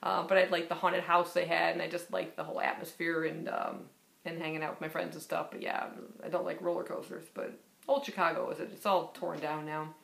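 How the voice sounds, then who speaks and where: A woman's voice: fairly low pitch, flat delivery, fairly quick, creaky, a bit bright. A woman in her fifties casually reading through tag questions and answering them in a rambling, filler-heavy way. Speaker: book vlogger. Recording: echoey room.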